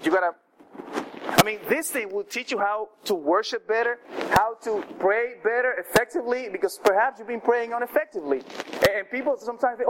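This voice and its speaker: A man with a high voice preaches in a loose, conversational way, stumbling and restarting as he acts out quotes. There is clear background noise under the recording. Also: lively intonation, a little fast. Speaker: pastor. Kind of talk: sermon.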